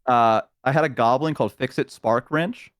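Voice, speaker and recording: Heard first is a man rambling through a long story on a stream call, with lots of ums and uhs. His pitch sits at an ordinary middle height. The sound is dry and close, with no room around it. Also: normal speed, dry recording. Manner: rambling storyteller with many fillers, acts out voices. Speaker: guest on a stream. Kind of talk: casual chat, retelling a roleplay character.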